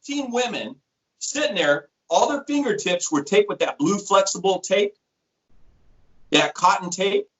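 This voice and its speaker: A middle-aged sales rep tells stories and explains products during a casual interview, animatedly acting out the voices he quotes. His voice is high-pitched and his pace measured. The high frequencies in the recording are cut off.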